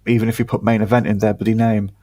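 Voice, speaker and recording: A man's voice: lowish voice, flat delivery, rapid-fire, mellow, dry recording. A man co-hosting a casual wrestling podcast, laid-back with dry humor and frequent ums. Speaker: podcast co-host.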